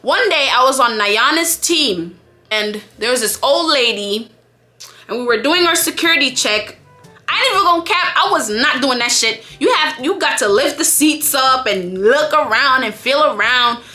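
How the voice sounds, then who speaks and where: A woman's voice: high-pitched, animated, normal speed, pushed and bright, soft background music. A woman from Jamaica telling a story time to her vlog, chatty, candid and profane. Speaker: vlogger.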